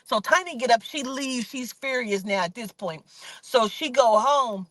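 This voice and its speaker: A woman's voice: fairly high pitch, unhurried, a bit bright, no room sound. A woman telling stories in a casual, blunt and profane way, preaching a moral as a spiritual reader. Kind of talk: casual storytelling.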